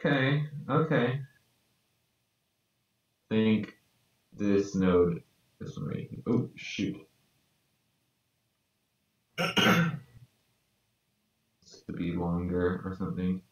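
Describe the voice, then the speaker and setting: A podcast co-host talks casually and mutters to himself in a low-key way while working on a drawing. His voice is darkish and extremely slow with frequent pauses, picked up by a distant, dull mic in an echoey room.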